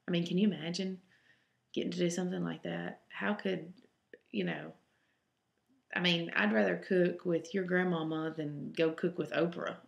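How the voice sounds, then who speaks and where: A woman's voice: on the low side, creaky. A woman with a Southern US accent, a home cook chatting loosely through reader questions, full of ums and side trips. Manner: chatty and rambling, with many ums. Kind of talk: casual question-and-answer vlog. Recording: roomy echo.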